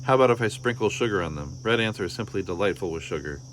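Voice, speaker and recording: A man's voice: low-pitched, expressive, fast, fairly bright tone, a little hiss or hum. A man voicing a cheerful, patient mother anteater in a storybook reading, with a coaxing, sing-song manner. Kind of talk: storybook read-aloud.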